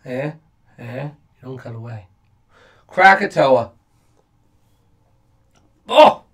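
A man giving casual reaction commentary in an unhurried drawl, his pitch swinging widely between low mutters and high outbursts. He talks bluntly, swears freely and fills gaps with "um". His voice sits a little back from the mic. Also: sing-song, a bit bright, distant mic. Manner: profane, blunt, with frequent fillers. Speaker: reaction video host.

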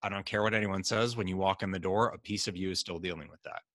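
Man, middle-aged, low-pitched, bright tone, earnest storytelling, dry close sound. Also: fast talker, dry recording. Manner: earnest, reflective, quotes others in lively asides. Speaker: podcast guest, life coach. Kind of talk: candid conversational storytelling.

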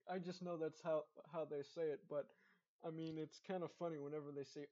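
A young man from Dallas, Texas, with a Texan accent, speaks a little high and a little fast in a warm tone. He chats casually in an accent tag vlog, rambling with lots of fillers and restarts. The recording sounds dull and lo-fi.

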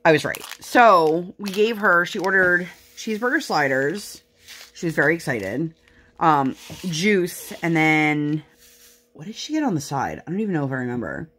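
A young woman with a lowish voice tells stories in a loose, chatty way. She talks casually while she works on a craft project, with plenty of fillers. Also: expressive, moderate pace, fairly bright tone, slight background noise. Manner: chatty storytelling with many fillers. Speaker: crafting vlogger.

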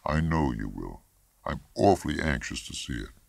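A man reading a story aloud, voicing an excited, teasing wife on safari in a raised, lively voice. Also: extremely low pitch, moderate pace, gravelly, breathy edge, no room sound, studio quality, full character voice. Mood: needling.

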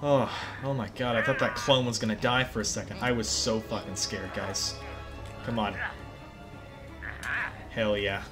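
A young man giving excitable, profane commentary over his gameplay, often yelling at the game. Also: lowish voice, unhurried, pauses often. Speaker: gaming video creator. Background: game music.

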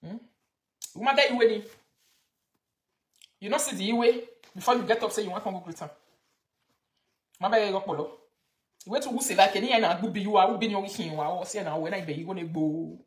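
A Nigerian woman delivers scolding gossip commentary, mocking and lecturing her viewer in a mid-pitched voice. The sound carries a noticeable room echo. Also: fast talker.

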